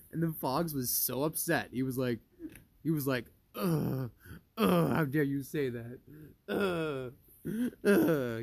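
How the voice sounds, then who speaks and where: A man's voice: medium pitch, slight background noise. A young man at home, telling a heated, profane story to his viewers in a rambling, casual way. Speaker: vlogger.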